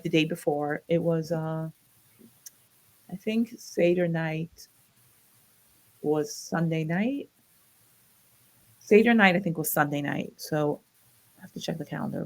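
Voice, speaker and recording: A middle-aged woman from the United States, a guest telling her personal story in an interview, acting out the voices of the people she quotes. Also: sits low. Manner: animated retelling, acts out quoted voices.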